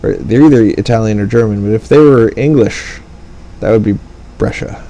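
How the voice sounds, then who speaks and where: A man's voice: on the low side, moderate pace, vocal fry, mellow, poor audio. A man giving casual, rambling commentary over a strategy game, with wry asides. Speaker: gaming let's play commentator.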